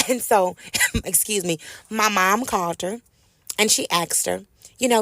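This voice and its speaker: Middle-aged lady storytelling, bit of fry in her voice, dry close sound. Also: medium pitch, unhurried, long pauses, a bit bright, no echo. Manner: chatty, addresses listeners as y'all. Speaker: host. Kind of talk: casual storytelling to viewers.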